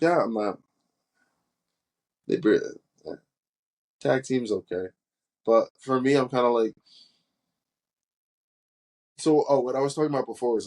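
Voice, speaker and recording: A man co-hosting a podcast, chatting casually and rambling as he picks apart wrestling matches. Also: on the low side. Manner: relaxed, rambling, nitpicky. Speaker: podcast co-host. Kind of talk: casual wrestling review chat.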